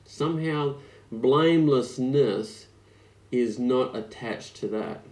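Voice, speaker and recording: Male preacher, online sermon, unhurried, reflective, roomy echo. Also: medium pitch, a little mellow. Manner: slow, deliberate, reflective, with frequent fillers. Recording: echoey room.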